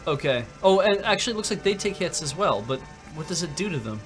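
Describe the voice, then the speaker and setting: A man talks casually over a game stream, his voice sitting a bit high. He rambles and restarts his sentences, filling gaps with ums and uhs. Faint game music plays underneath. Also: big pitch swings. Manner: rambling, halting with many fillers. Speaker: stream co-host. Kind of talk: casual gameplay chat.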